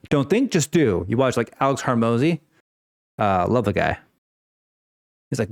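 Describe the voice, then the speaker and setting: A man's voice: mid-range voice, huge pitch swings, moderate pace, pauses often, no echo, studio quality. A young man ranting casually to the camera at home, rambling with many fillers and restarts and swearing freely. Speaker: vlogger. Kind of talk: unscripted personal rant.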